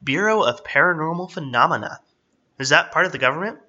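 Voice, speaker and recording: A man's voice: on the high side, expressive, fairly quick, bright, forceful tone, pitched above the performer's own voice, exaggerated voice. A man voicing a sarcastic, breezy male dimension-hopping guide. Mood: wry. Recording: slightly dull, lo-fi.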